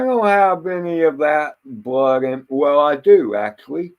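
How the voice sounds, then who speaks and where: A man's voice: on the high side, expressive, measured pace, phone-quality sound. A man talking in a casual, rambling monologue as a livestream host, blunt and profane, often stumbling over and repeating his words. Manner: blunt, rambling, swears freely.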